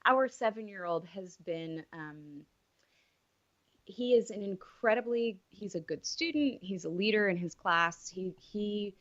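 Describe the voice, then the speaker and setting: A woman in her thirties, a podcast guest, talking in an earnest, reflective way with halting restarts. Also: mid-range voice, lively intonation, a bit bright, muffled recording. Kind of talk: casual interview chat.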